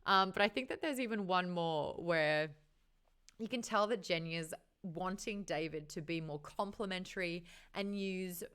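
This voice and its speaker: Woman, Australian accent, book club host, casual chat, smooth clear voice, lively retelling. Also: fairly low pitch, unhurried. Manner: animated, acts out characters' lines while retelling scenes.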